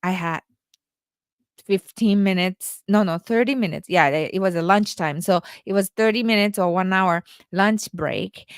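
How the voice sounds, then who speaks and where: Slow-talking woman life coach. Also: fairly low pitch, clean tone, dry recording, clean studio sound. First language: Japanese. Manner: halting, many restarts and fillers. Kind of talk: casual storytelling monologue.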